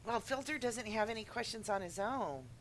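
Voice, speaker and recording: Animated woman in her twenties. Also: fairly high pitch, normal speed, a little hiss or hum. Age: 20s. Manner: animated, laughing, acts out friends' lines. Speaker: podcast host. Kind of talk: casual chat on a stream.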